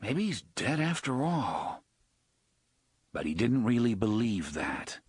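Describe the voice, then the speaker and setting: Husky-voiced male audiobook narrator. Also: on the low side, slow, dry recording. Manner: expressive, dramatic storytelling. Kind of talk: scripted narration.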